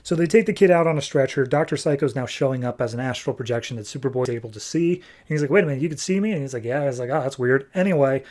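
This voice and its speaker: A man on a podcast casually recapping a comic book, animated and nitpicky, tossing off quick character lines as he goes. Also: medium pitch. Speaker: podcast host.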